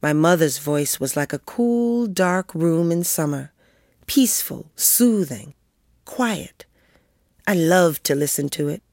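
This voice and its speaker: A woman reading a first-person story aloud with a lively, expressive delivery. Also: low voice, measured pace, few pauses, no echo, clean studio sound. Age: adult. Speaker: narrator.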